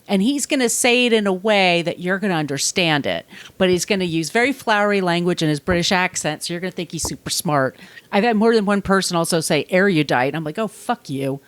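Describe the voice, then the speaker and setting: A woman's voice: lowish voice, expressive, fairly quick, no echo. A woman co-hosting a casual podcast, talking bluntly and sarcastically with plenty of swearing. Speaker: podcast co-host.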